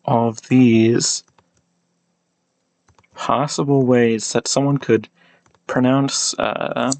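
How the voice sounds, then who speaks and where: A man casually explaining pronunciation, thinking aloud with many halting restarts. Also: mid-range voice, fairly even intonation, a little mellow, dry recording. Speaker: language hobbyist explaining pronunciation.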